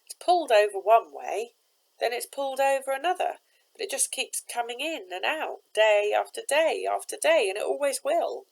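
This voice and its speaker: A woman voicing a kindly boatman with a strange accent, speaking gently and reassuringly in a storybook reading. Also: a little high, animated, moderate pace, vocal fry, voice pushed up, rough recording. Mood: musing.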